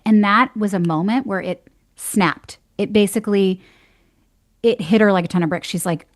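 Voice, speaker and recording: A woman guest on a podcast, chatting casually, animated and laughing as she tells stories and acts out other people's words. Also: medium pitch, normal speed. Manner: animated storyteller, acts out quoted voices, laughs often. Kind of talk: casual conversation.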